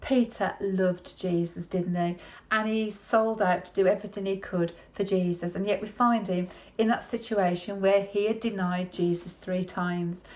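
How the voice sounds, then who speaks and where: Woman, conversational sermon, folksy, tag questions, mid pitch. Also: steady tone, normal speed, darkish tone. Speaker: preacher.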